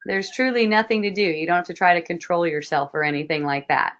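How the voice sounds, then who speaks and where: A woman hosting an online spiritual dialogue, speaking gently and repetitively, often asking "see?". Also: fairly low pitch, fairly even intonation, fast, muffled recording. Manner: soft, repetitive, frequently asks "see?". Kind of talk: gentle spiritual guidance talk. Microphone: video call.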